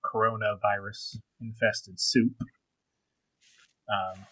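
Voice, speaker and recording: A man co-hosting a podcast, rambling through his points with frequent ums and restarts. His voice sits low but has a bright, forward edge, and the recording sounds dry and close with little room sound. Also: little pitch movement, takes it slowly, no echo, rough recording. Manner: rambling, hesitant, full of ums. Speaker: podcast co-host. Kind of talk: casual chat.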